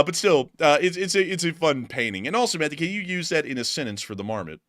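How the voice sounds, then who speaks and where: A man's voice: fairly high pitch, very animated, fast, fairly bright tone, no echo, studio quality. A male show host giving blunt, heated casual commentary. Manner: heated and blunt, exclaims and laughs. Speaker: host of a war news show. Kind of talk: casual live-stream commentary.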